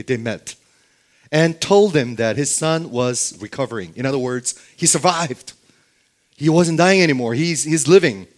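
A man preaching a Bible sermon who keeps asking his listeners rhetorical questions and checking in with "okay?". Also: medium pitch.

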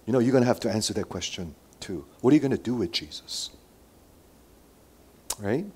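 A man preaching a sermon who moves between loud emphatic lines and quiet asides, and asks his listeners many rhetorical questions. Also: fairly low pitch, expressive, a little fast, slightly rough. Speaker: pastor.

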